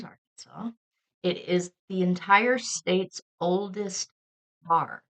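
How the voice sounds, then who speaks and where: A woman co-hosting a podcast in a relaxed, chatty way, with frequent fillers. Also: on the low side, vocal fry. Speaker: podcast co-host. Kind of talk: casual podcast chat.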